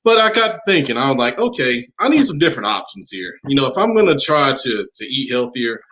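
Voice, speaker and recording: A man hosting a podcast, talking casually with plenty of fillers and getting animated when worked up. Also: medium pitch, brisk, low-quality recording. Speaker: podcast host. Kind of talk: casual chat.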